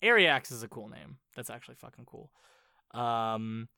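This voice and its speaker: Man, casual book ramble, swears, smooth clear voice, dry close sound. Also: medium pitch, lively intonation, moderate pace, sharp tone, no echo.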